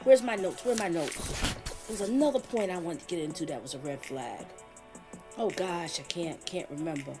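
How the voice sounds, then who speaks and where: A woman's voice: on the low side, expressive, brisk, over music. A woman giving casual live stream commentary, talking emphatically, repeating her points and reading viewer comments aloud.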